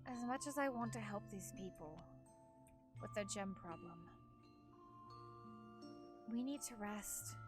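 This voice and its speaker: A woman's voice: medium pitch, lively intonation, unhurried, long pauses, music in the background. A woman playing in a tabletop game, talking in character in a soothing, reassuring way. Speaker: player. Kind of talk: in-character role-play.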